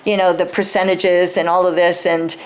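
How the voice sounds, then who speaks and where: A woman's voice: on the low side, flat delivery, normal speed, a little hiss or hum. A woman speaker teaching a group in a conversational way, acting out sample dialogues and asking the audience questions directly. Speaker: speaker teaching a class on persuasion. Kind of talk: instructional talk to a live group.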